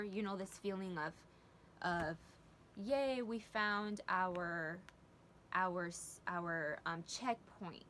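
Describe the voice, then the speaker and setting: A woman's voice: mid-range voice, a bit bright, a little hiss or hum. A young woman giving a heartfelt tarot reading, emotional and earnest, often restarting her sentences. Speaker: tarot reader.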